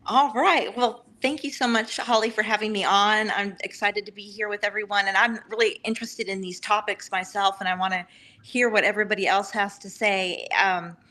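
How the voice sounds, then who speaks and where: A woman's voice: medium pitch, fairly even intonation, moderate pace, sharp tone. A woman from Georgia, an eager podcast guest who halts with fillers. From Savannah, Georgia. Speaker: podcast guest, business owner. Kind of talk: casual interview talk.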